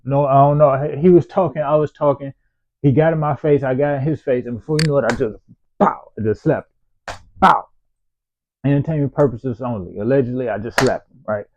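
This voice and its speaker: A man's voice: medium pitch, brisk, darkish tone, a little hiss or hum. A man telling a story from his own life in a loose, profane, slangy way. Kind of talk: casual personal storytelling. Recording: tinny phone-like sound.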